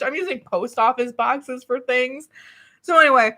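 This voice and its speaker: A woman vlogging from a small city apartment, talking in a loose, rambling, self-mocking way. Her voice sits a touch high, and she is a little out of breath with the odd cough. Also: expressive, moderate pace, bright, forceful tone. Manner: rambling, self-deprecating, laughs often. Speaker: beauty YouTuber. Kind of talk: casual chatty vlog.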